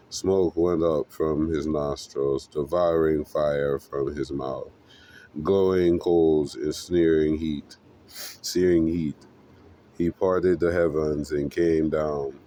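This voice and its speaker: A man giving an earnest, emotional devotional Bible reading, pausing as he goes. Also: rumbling low, warm tone, slight background noise. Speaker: scripture reader.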